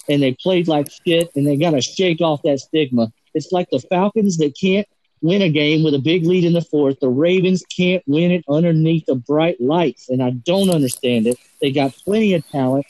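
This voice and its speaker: A man's voice: fairly high pitch, warm tone, no room sound, low-quality recording. A man on a sports talk panel, ranting heatedly and swearing often. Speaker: podcast panelist.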